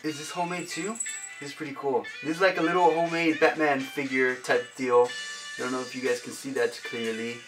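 A man's voice: mid-range voice, flat delivery, brisk, over music. Upbeat guy exclaiming over fan mail. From United States. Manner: upbeat, punctuates items with loud exclamations. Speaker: vlogger opening fan mail. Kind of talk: casual vlog chat.

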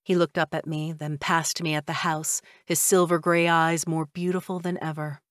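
A woman narrating a fiction audiobook in the first person, with a steady, even delivery. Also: deep voice, moderate pace, few pauses, no room sound, clean studio sound.

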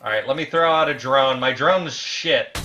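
A man hosting a casual gameplay session with loud, crude banter and bursts of shouting. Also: medium pitch, moderate pace, highs cut off, a little hiss or hum. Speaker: let's play host.

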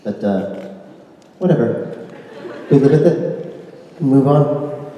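A man bantering on a convention stage, chatty and halting, playful when quoting others. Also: mid-range voice, animated, mellow. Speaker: convention panel guest. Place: large convention hall. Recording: echoey hall recorded from far off.

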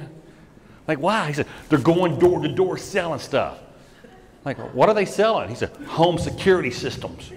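Animated Kentucky comic in a theater. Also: male voice, fairly high pitch. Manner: animated storytelling with yelps and put-on voices. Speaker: stand-up comedian. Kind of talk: stand-up comedy. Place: large theater stage. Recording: live theater mic, hall echo, loud crowd.

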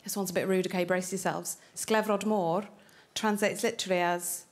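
A woman's voice: lowish voice, little pitch movement, fast, very noisy. A woman from North Wales doing a stand-up set, chatty and cheeky, laughing through her punchlines. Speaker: stand-up comedian.

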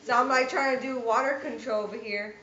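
A woman's voice: fairly high pitch, fairly even intonation, brisk, a crowd in the background. A woman sharing a testimony in a casual group discussion, telling a chatty story and acting out both sides of the conversations. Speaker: beauty business owner sharing a testimony. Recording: roomy, dull recording with faint background noise.

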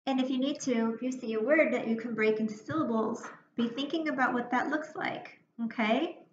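A woman teacher giving a phonics lesson to young children, speaking slowly and clearly with encouragement. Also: sits high. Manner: slow, clear, encouraging classroom delivery. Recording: roomy, dull lo-fi classroom recording with faint noise.

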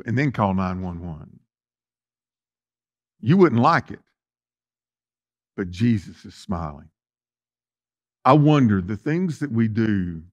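A male pastor's folksy sermon, aimed squarely at the congregation, alternates loud emphasis with gentle asides. His pitch is medium, and the recording has its highs cut off.

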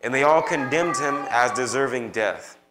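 A man giving a measured, expressive public scripture reading in a church. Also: mid-range voice, music in the background, rough recording. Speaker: scripture reader.

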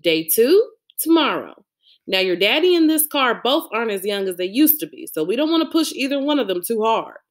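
A woman's voice: on the high side, big pitch swings, brisk. A woman reading an audiobook, voicing a mother who reads out a careful family trip plan in an orderly way. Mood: instructive. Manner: methodical, orderly.

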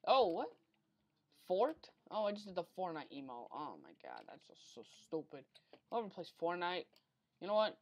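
A woman's voice: lowish voice, huge pitch swings, normal speed, lo-fi sound. A woman giving unscripted gameplay commentary during a speedrun attempt, rambling, talking to herself and getting easily frustrated. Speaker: gamer recording a speedrun attempt.

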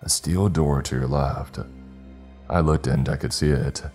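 A man's voice: rumbling low, measured pace, faint music behind. A man voicing Wallace, a grizzled, steadfast demon hunter. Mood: urgent whisper. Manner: hushed, urgent, firm.

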